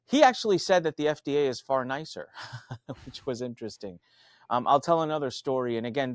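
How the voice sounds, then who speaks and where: A man in the middle of a podcast chat, explaining things at a conversational pace. His voice sits at an ordinary pitch, and the sound is dry and close. He jumps into other people's voices now and then as he tells his stories. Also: no room sound. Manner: animated, acts out quoted voices with big pitch jumps. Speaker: podcast guest, marketing coach. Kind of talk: conversational storytelling.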